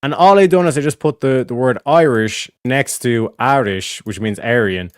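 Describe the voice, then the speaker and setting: A man's voice: medium pitch, normal speed, dry recording, studio quality. A man streaming, explaining in casual, rambling talk that is full of swearing and repeated asides. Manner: rambling, profane, repeats "do you know what I mean".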